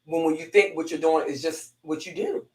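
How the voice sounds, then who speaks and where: A woman's voice: sits low, steady tone, a little fast, roomy sound, low-quality recording. A woman, a former police corporal, telling a heartfelt personal story with lots of restarts and repeats.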